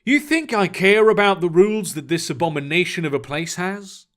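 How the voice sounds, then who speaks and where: A man's voice: high-pitched, animated, normal speed. A man voicing a scornful young spy. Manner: curt, scornful and threatening. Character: young male foreign spy, cold and menacing.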